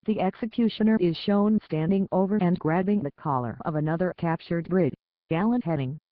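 A man reads a scripted news report in a steady, even manner. His voice sits a little high, and the sound is narrow and tinny like a phone line. There is no room echo at all. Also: normal speed. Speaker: news reader.

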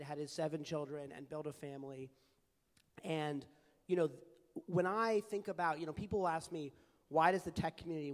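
A young man with a fairly high voice speaks earnestly on a panel, telling personal stories with plenty of fillers and restarts. His voice rings out with a long reverb, as if he is in a large hall. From California. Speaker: panelist, advocacy group founder. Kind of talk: panel discussion. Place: large hall at a public forum.

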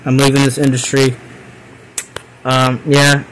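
A man's voice: medium pitch, completely flat delivery, a little slow, slight background noise, rough recording. Young man swearing exasperatedly on stream. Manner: loud exasperated swearing, reacting with sudden yelps. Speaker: streamer host. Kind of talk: casual livestream reading viewer messages.

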